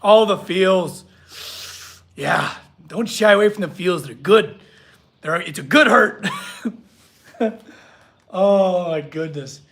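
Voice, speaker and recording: A man's voice: high-pitched, slow, gravelly, long pauses, a bit bright. A man hosting a casual livestream from his workshop, earnest and emotional as he gushes and reacts to the chat. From California. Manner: earnest, emotional, gushing, reads chat aloud. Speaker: livestream host, blacksmith artist.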